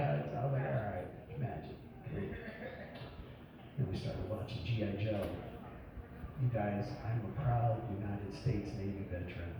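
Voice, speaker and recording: A man's voice: lowish voice, lively intonation, moderate pace, pauses often, muffled recording, crowd noise. A man performing a crude, profane stand-up set in a comedy bar. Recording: echoey club room, mic heard from far, noisy.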